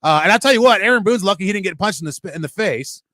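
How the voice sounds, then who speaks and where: On a sports radio show, a male co-host talks casually and with lots of animation, poking fun at himself and laughing often. His voice sits high, he speaks very fast, and there's no room sound.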